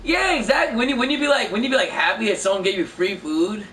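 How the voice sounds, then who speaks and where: A man's voice: high-pitched, fast talker, fairly bright tone. A man streaming a game, chatting casually and telling stories in a rambling, stumbling way with many restarts. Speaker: gameplay streamer. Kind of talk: casual chat while gaming. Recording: distant mic with background noise.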